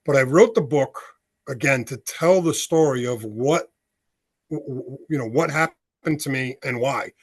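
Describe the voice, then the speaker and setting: A man's voice: mid-range voice, unhurried, husky. A man in his sixties from the United States, an author and veteran telling his story as a podcast guest, acting out the dialogue as he goes. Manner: animated storyteller, acts out dialogue.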